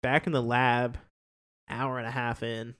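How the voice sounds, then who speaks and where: A man's voice: medium pitch, little pitch movement, measured pace, fairly bright tone, smooth. A man co-hosting a sports podcast in casual chat, easygoing, often chiming in with short agreeing replies. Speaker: podcast co-host. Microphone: podcast microphone.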